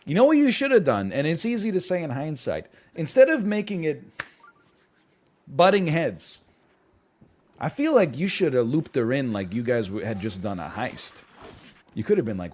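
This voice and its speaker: Animated young man doing sarcastic reaction commentary. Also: medium pitch, moderate pace. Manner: animated, mocking, swings into sarcastic put-on quotes. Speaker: streamer reacting to online posts.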